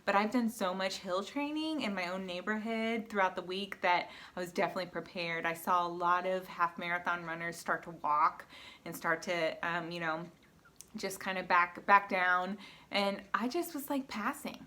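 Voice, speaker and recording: A woman's voice: on the low side, normal speed, sharp tone. An adult woman with a school-age daughter, recapping a race in a casual personal vlog, earnest and emotional, with many fillers as she tells her story. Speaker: vlogger.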